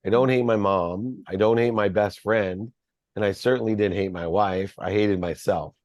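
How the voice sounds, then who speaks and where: Low-voiced man telling his life story. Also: fairly even intonation, moderate pace, a little mellow, dry recording. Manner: earnest, reflective storytelling. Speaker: podcast guest. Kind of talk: personal storytelling.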